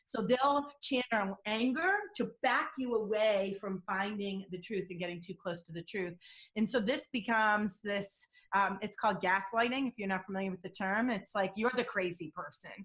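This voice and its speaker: A woman guest explaining deception cues in an interview, telling animated stories and acting out quotes. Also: medium pitch, normal speed. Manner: animated storytelling, acts out quotes. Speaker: body language and deception expert guest. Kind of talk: interview answers with examples.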